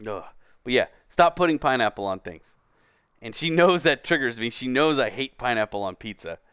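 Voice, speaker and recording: A man's voice: mid-range voice, expressive, measured pace, long pauses, a bit bright, smooth, no echo. A man streaming a game who rants in an exasperated, emphatic casual way from his computer, on a dull lo-fi recording. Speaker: gaming streamer. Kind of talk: casual ranting commentary while gaming. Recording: dull lo-fi dry sound.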